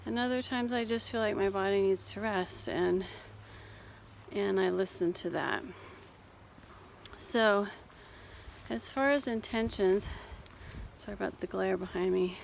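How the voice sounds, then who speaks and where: Woman coach, casual walking vlog, unhurried and soothing, slight fry, phone mic outdoors. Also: medium pitch, a little hiss or hum. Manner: gentle, reassuring, unhurried. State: a little out of breath. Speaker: life coach and therapist. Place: outdoors on a cold hill walk.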